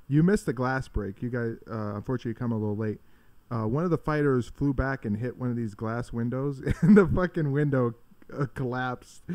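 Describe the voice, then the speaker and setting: A man giving casual live-stream commentary on fight videos, swearing freely, laughing often and breaking into excited shouts. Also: mid-range voice, no room sound.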